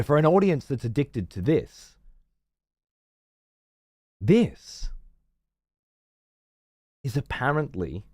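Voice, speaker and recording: A man's voice: mid-range voice, a little mellow, no echo. An Australian man streaming live, ranting in a rambling, profane and sarcastic way. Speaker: livestreamer. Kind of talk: casual livestream rant.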